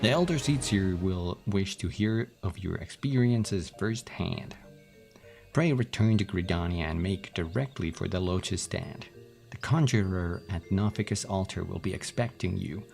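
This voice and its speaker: A man voicing a gruff soldier with a put-on Texas drawl, reading game dialogue. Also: low voice, normal speed, darkish tone, faint music behind. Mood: formal. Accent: put-on Southern US drawl.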